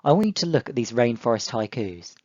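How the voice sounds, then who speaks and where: A young male teacher giving an online lesson to children, explaining step by step in a clear, encouraging way. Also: mid-range voice, sing-song, fairly quick, darkish tone, dry recording, dull audio. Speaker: primary school teacher.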